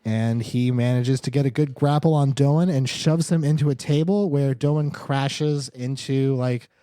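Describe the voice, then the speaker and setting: A man's voice: medium pitch, fairly even intonation, unhurried, warm tone, smooth, no room sound. A young man narrating as game master in a tabletop game, laughing through his descriptions with lots of fillers.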